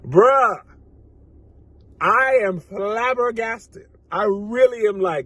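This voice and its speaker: A man giving a comic, incredulous reaction commentary, rambling and animated. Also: high voice, very slow, pauses often, no echo. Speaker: comedian.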